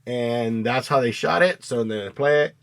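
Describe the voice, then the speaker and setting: Animated, swearing man retelling a movie. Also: mid-range voice, moderate pace, creaky. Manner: animated retelling, acts out scenes with loud outbursts, swears a lot. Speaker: podcast co-host. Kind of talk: casual movie review chat.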